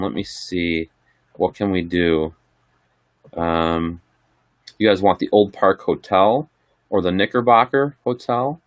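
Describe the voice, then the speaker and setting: A middle-aged man with a low voice answers viewer questions during a casual livestream chat, rambling along in a laid-back style. The recording is studio quality, free of room sound.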